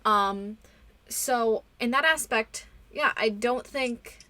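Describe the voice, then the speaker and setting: A woman's voice: a little high, takes it slowly, pushed and bright, no room sound. A young woman hosting a casual podcast, chatty and rambling, a little self-conscious. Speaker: podcast host.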